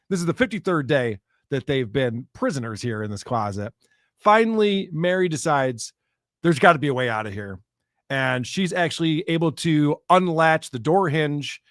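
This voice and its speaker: A man co-hosting a podcast, telling a true crime story in an animated, joking way and laughing often. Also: fairly high pitch, moderate pace, no room sound, clean studio sound. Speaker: podcast co-host. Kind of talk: casual storytelling chat about true crime.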